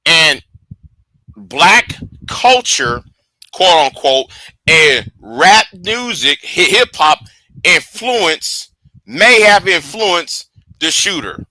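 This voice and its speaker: A man's voice: on the high side, very animated, drawn-out words, no echo. Rambling, profane livestream host man. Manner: rambling, repeats words, profane, trails off into quiet asides. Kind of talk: casual livestream commentary.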